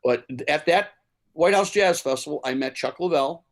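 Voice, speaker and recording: A man's voice: a little high, moderate pace. A man from Chicago, a musician guest, telling stories in a casual interview with many fillers and restarts.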